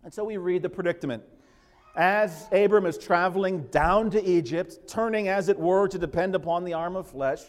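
A man preaching in a church sanctuary, his fairly high voice carrying a long reverb off the hall. He is a pastor giving an expository sermon and tells the story vividly, acting out voices as he goes. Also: normal speed.

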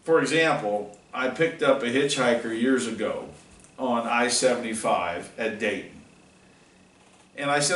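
A man's voice: medium pitch, expressive, unhurried, fairly bright tone. A middle-aged man teaching a catechism class, telling a folksy, earnest story. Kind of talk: catechism class talk with personal anecdote. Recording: roomy, mic far off.

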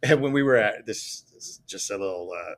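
A man's voice: lowish voice, fairly quick, crowd noise. Middle-aged man telling trip stories. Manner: animated storyteller, acts out quotes. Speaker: teacher and podcast host. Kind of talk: casual chat.

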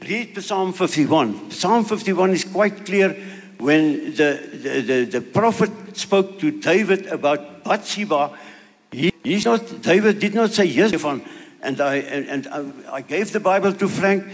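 An older man with a South African accent giving an earnest, halting personal testimony as a sermon, often repeating words. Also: high voice, expressive. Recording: long reverb of a hall.

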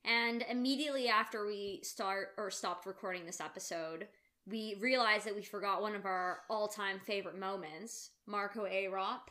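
Woman, podcast host, casual chat, teasing, laughs often, bright tone. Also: mid-range voice, normal speed.

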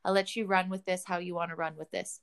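A woman's voice: lowish voice, level tone, quick pace, gravelly, clear, resonant tone. A woman co-hosts a casual podcast chat, chatty and blunt, with casual swearing. She asks questions and adds her own views plainly. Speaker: podcast co-host.

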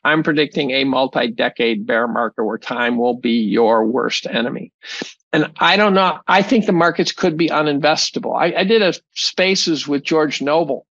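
Gravelly, blunt-talking man. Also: mid-range voice, normal speed, fairly bright tone, dry recording, muffled recording. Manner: blunt, profane, rambling with many restarts. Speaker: guest, chemistry professor. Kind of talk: casual interview talk.

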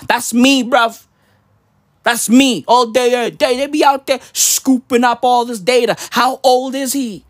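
A man ranting casually, rambling in heavy slang with mock patois words, swinging between loud outbursts and low mutters. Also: sing-song, a little slow, dry recording, clean studio sound. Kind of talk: casual profane rant.

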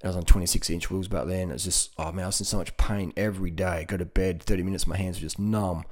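A man's voice: low voice, fairly even intonation, quick pace, a little mellow. A man with an Australian accent talking casually and motivationally, often repeating words and laughing. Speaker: vegan cycling advocate.

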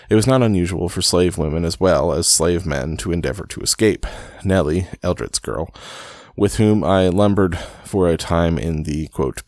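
A man's voice: sits low, darkish tone, dry recording. A man reading a book aloud and breaking off for wry, self-deprecating comments, with fillers and restarts as he goes. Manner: wry, self-deprecating asides between read passages; reads slowly with frequent fillers and restarts. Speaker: reader and commentator.

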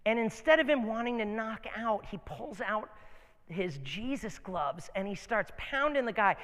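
A man preaching a sermon as pastor, telling stories in a casual, animated way in a church. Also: high voice, unhurried, big-room sound.

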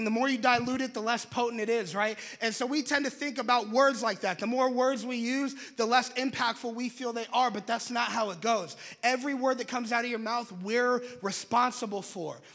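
Young man, pastor preaching, animated conversational sermon, high bright voice, long hall reverb.

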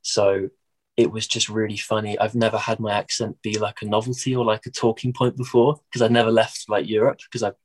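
A man's voice: fairly low pitch, level tone, fairly quick. A young English man with a Midlands accent, a musician chatting casually in an interview with lots of fillers and restarts. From England.

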